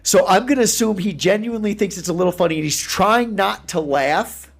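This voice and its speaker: A man giving reaction commentary on a video, animated and chuckling often as he talks. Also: high voice, fairly quick, creaky, faint music behind.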